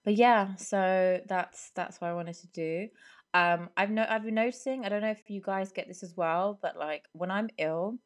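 A young woman in her twenties, hoarse from a cold, chatting casually and rambling on her solo podcast into a microphone. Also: mid-range voice, normal speed. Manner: rambling and chatty, many fillers. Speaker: podcast host.

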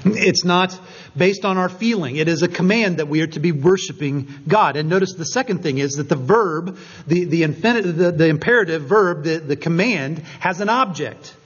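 Husky man preaching a measured sermon. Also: on the high side, lo-fi sound. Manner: measured preaching with emphatic slowed phrases. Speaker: pastor.

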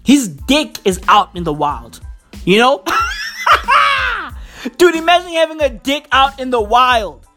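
A woman ranting profanely into a microphone, full of slang, swearing and loud laughter at her own jokes. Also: sits high, big pitch swings, normal speed, faint music behind. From South Africa.

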